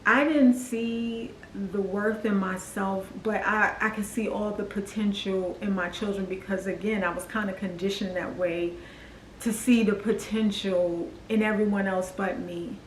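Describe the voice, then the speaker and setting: A middle-aged woman slowly telling a personal story in a vlog, pausing and restarting her sentences as she reflects. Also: mid-range voice, steady tone, a little hiss or hum. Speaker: vlogger. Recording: echoey room with faint ambience.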